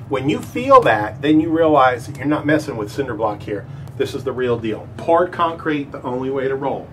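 This is a casual on-camera walkthrough by a middle-aged man posing as a real estate agent, slightly breathless as he rambles and cracks jokes inside a large empty house. His medium-pitched voice swings widely in pitch at a normal speed. The audio has a noisy background and echoey empty rooms.

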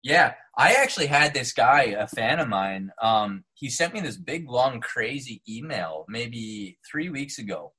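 Bright, husky-voiced actor telling stories. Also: male voice, medium pitch, measured pace, few pauses. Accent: neutral North American, trained. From Saskatchewan, Canada. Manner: animated storyteller, acts out quotes. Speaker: guest, actor. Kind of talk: casual podcast interview.

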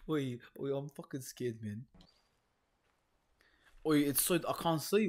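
A man's voice: on the high side, expressive, a little slow, pauses often, darkish tone. A young man commenting nervously on a horror game he plays alone at home, swearing and hesitating. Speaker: gaming video host.

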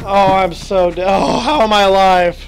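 A man doing casual let's play commentary, excitable, joking and swearing a lot. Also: sits high, moderate pace, creaky, slight background noise. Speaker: gamer.

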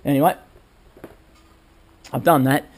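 A man's voice: mid-range voice, fairly even intonation, measured pace, soft background music. A man casually talking viewers through a motorbike build in his workshop, rambling and checking in with "all right?" as he goes. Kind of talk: casual workshop how-to talk.

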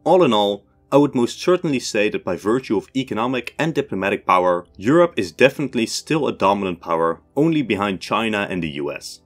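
Low-voiced young Dutch man. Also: very animated, soft background music. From Netherlands. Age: 20s. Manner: measured, reading out questions and answering. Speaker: history channel host. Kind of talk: scripted Q&A narration.

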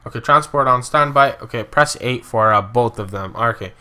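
A man's voice: mid-range voice, rough recording. A young man hosting a game video who role-plays police radio calls between rambling asides and bursts of startled exclamations. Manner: excitable, exclaims loudly when startled; rambling, many filler pauses. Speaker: gaming channel host. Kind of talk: let's-play commentary with police radio role-play.

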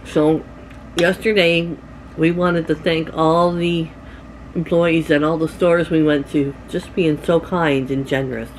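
Slow, chatty middle-aged woman vlogging. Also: deep voice, little pitch movement, slight background noise. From Canada. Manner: chatty, rambling storytelling with laughs. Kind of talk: casual chat to camera.

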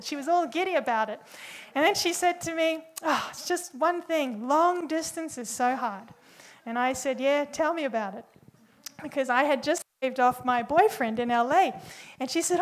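A young woman preaching, telling a story in an animated way and acting out the quoted dialogue. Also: sits high, moderate pace. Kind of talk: sermon storytelling.

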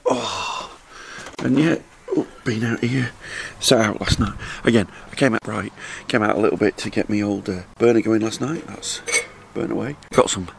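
Middle-aged vlogger, low gravelly voice, chatty and rambling, handheld camera outdoors, faint background hiss. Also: male voice, normal speed. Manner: chatty, rambling, talks to camera while doing chores. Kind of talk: casual vlog chat. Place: outdoors in a back garden by a hot tub.

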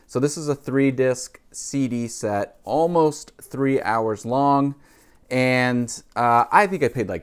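A man's voice: medium pitch, clean tone. A man chatting casually to camera about music he bought, rambling with asides and fillers. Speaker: vlogger, record collector. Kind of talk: casual music haul vlog.

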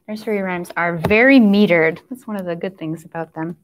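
A woman's voice: medium pitch, lively intonation, moderate pace. A woman leading a children's storytime, chanting nursery rhymes in a cheerful sing-song and stretching out the last words of each line. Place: library storytime recorded on camera.

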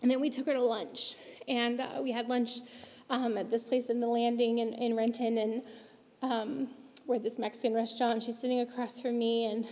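A woman's voice: on the high side, little pitch movement, moderate pace, darkish tone. A woman giving an impassioned, emotional talk to a church congregation, pressing her points with urgent emphasis. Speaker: church speaker. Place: large church auditorium. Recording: long hall reverb from a church auditorium.

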